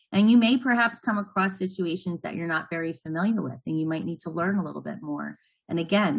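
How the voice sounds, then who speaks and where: A woman's voice: deep voice, rough recording. A woman trainer explaining a health-worker lesson in an earnest, step-by-step way. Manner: earnest, explanatory, with frequent restarts. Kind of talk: online training session.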